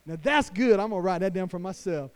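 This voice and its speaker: A man pastor preaching a sermon to fathers, emphatic, swinging between hushed lines and loud declarations. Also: sits high, animated, fast talker. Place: church.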